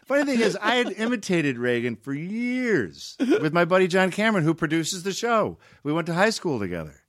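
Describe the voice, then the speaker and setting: A man in his fifties, a podcast guest, chatting casually and telling stories with lively energy, slipping into voices now and then. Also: high voice, fairly quick, dry recording, studio quality. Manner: animated storyteller who slips into voices.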